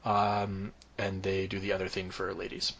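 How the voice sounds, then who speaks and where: A man's voice: deep voice, monotone, moderate pace, background noise. A man serving as game master, narrating a tabletop game in a loose, explaining way with lots of fillers.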